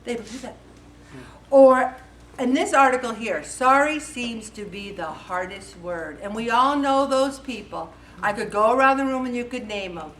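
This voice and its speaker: Woman, fifties, casual group talk, slightly high voice, echoey distant room, faint background noise. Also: normal speed. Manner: chatty and animated, acts out quoted voices. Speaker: faith-based support group leader. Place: meeting room.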